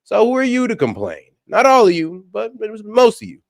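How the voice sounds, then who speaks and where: A man's voice: high-pitched, wildly swooping pitch, brisk, vocal fry, dry recording, clean studio sound. A man hosting a reaction stream, talking casually and bluntly in slangy asides to his viewers.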